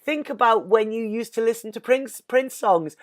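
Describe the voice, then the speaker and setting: A woman's voice: a little high, normal speed. A woman with an English accent giving an earnest, emotional tarot reading in casual speech, constantly saying "you know" and sounding close to tears. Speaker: tarot reader.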